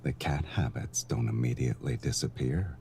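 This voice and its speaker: A man voicing a suave, affectionate adult man in a romance game, with a low, slow, intimate delivery. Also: mellow, slight background noise. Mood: teasing. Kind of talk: dubbed game dialogue.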